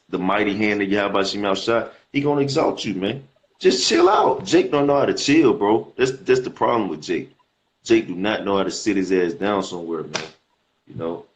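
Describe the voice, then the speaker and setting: Deep-voiced man preaching casually. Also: a little fast. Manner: slangy, repeats words while reading. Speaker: preacher in a scripture debate. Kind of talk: casual preaching with scripture reading.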